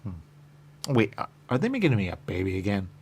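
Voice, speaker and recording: A man with a fairly low, darkish voice speaks fairly quickly, his pitch swooping wildly, over slight background noise. He delivers a rambling, repetitive stream-of-consciousness monologue, muttering questions and then answering them himself.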